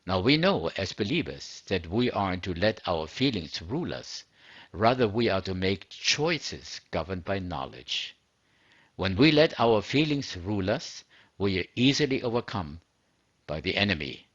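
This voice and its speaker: Husky, low-voiced man preaching earnestly. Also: very animated, measured pace, a bit bright, no echo, lo-fi sound. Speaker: religious teacher. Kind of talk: scripted sermon narration.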